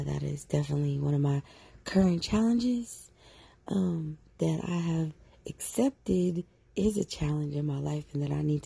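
A woman with a very low, gravelly voice speaks earnestly to a chat-room host. Her tone is dark and husky, and hoarseness makes her voice cut in and out. The sound is dry and close. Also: dry recording. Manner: earnest, grateful, measured. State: voice cutting in and out, hoarse. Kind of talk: casual thanks to the host.

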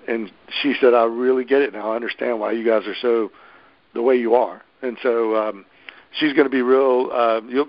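A man's voice: mid-range voice, dry recording, dull audio. A man organizing a hosted event, chatting casually and enthusiastically with many restarts. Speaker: local event host organizer. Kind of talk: casual podcast chat.

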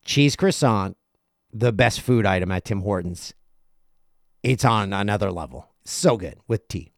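A middle-aged man hosting a podcast, telling a casual story and acting out other people's lines in quick asides. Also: on the low side, lively intonation, vocal fry, no room sound, clean studio sound. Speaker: podcast host.

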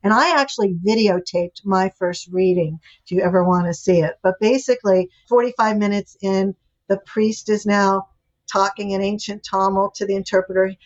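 Older woman guest, lively anecdotal storyteller, mid pitch, muffled audio. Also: normal speed. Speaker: guest, author and relationship expert. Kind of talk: storytelling in a podcast interview. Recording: dull lo-fi audio.

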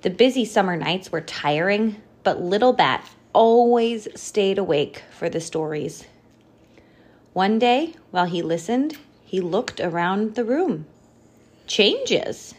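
A woman reading a picture book aloud in an expressive, animated storytelling manner. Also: medium pitch, unhurried, breathy edge. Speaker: storybook reader.

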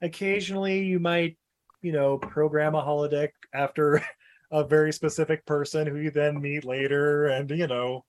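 A man's voice: on the high side, fairly even intonation, moderate pace. Laughing man, crude casual banter. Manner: laughs often, crude joking. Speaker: podcast co-host. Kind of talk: casual chat.

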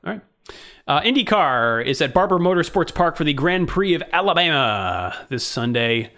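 Jokey higher-voiced man co-hosting a podcast. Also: big pitch swings, normal speed, bright, forceful tone. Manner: jokey, reads out race listings and fumbles names. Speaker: podcast co-host. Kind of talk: casual chat.

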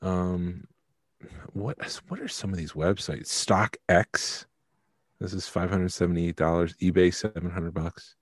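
A man's voice: deep voice, slow, no echo, clean studio sound. A man co-hosting a podcast, chatty and joking while reading prices aloud. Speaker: podcast co-host. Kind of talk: casual chat.

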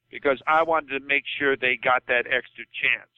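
Older male coach calling in by phone, earnest and heartfelt, crisp voice through a tinny line. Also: mid-range voice, fairly even intonation, normal speed, no echo. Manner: passionate, repeats himself, says okay. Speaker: football coach guest. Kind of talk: podcast phone-in chat.

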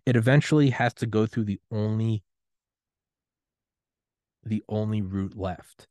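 Man, thirties, podcast host, solo rant, defiant, profane, fairly deep voice, dry room. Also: quick pace, a little mellow, no echo.

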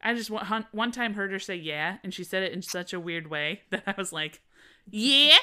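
A woman's voice: mid-range voice, a little fast, sharp tone, clean tone, faint music behind. A woman co-hosting a podcast, chatting casually and joking around. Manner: jokey, does silly impressions. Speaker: podcast co-host. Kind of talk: casual banter.

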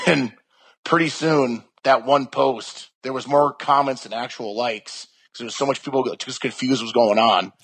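A man's voice: mid-range voice, steady tone, moderate pace, fairly bright tone, breathy edge. A young man chatting casually as an interview guest, rambling with lots of restarts and fillers.

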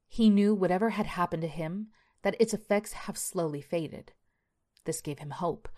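A woman narrating a horror story in a measured storytelling voice. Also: on the low side.

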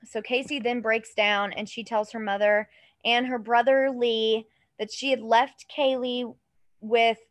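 Telling a true crime story as a podcast co-host, this thirty-something woman keeps the chat loose and laughing, cursing freely and performing the quoted voices. She speaks on the high side, steady and unhurried, in a rough recording with no room sound.

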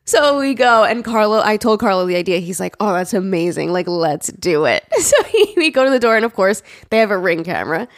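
A woman co-hosting a podcast, telling stories in casual chat and acting out the quotes in a higher voice. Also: fairly quick, few pauses, no echo, clean studio sound. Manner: animated storytelling, acts out quotes in a high voice. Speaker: podcast co-host.

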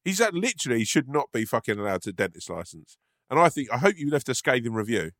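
A man's voice: medium pitch, very animated, fairly bright tone, no room sound, studio quality. A man co-hosting a casual podcast, bantering and swearing, often incredulous. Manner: fast, incredulous, swears a lot. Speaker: podcast co-host.

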